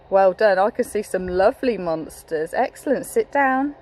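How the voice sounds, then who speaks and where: A woman's voice: medium pitch, moderate pace, hardly any pauses, darkish tone, low-quality recording. A young woman teacher reading a picture book aloud to a class, encouraging and asking the children questions.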